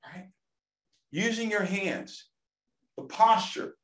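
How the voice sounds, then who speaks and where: This man's voice sits high and moves at a slow pace. He's a sales trainer giving a forceful motivational session to a live crowd, repeating key phrases and regularly asking "okay?", recorded in an echoey space.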